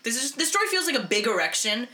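A woman's voice: a little high, quick pace. A woman from Northern California co-hosting a podcast in casual, sarcastic chat, often acting out what others said. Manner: sarcastic, animated, acts out quotes. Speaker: podcast co-host.

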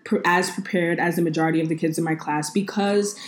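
A woman's voice: fairly low pitch, fairly even intonation, reverberant. Young woman telling a candid story. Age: young adult. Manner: candid storytelling, quick asides, quoting herself. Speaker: podcast co-host. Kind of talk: casual podcast chat.

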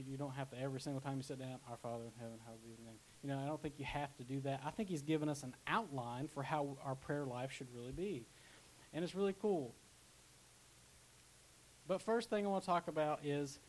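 A man's voice: fairly high pitch, a little mellow, poor audio. A young man preaching a casual sermon as pastor, chatty, with asides and restarts. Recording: faint hiss.

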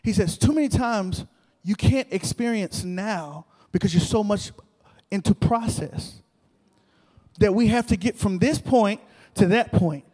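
A male preacher telling a story in an animated sermon, repeating phrases and calling out to the congregation. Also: high voice, a little slow. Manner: animated, repetitive, talks to the crowd. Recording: long reverb of a large hall.

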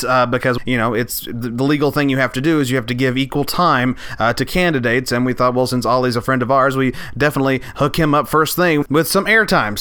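Hyped, bright-voiced male podcast host. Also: mid-range voice, smooth, no room sound. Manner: hyped, rambling host patter. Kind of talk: comedy podcast intro.

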